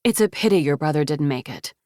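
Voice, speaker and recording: A woman's voice: deep voice, lively intonation, fast talker, dark tone, dry recording, studio quality. A woman narrator voicing a cold, scornful wealthy mother in an audiobook, her lines cutting and contemptuous.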